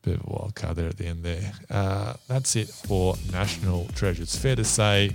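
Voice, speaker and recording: Low gravelly quiz host. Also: male voice, normal speed, over music. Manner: laughing, matey banter. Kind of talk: casual podcast quiz.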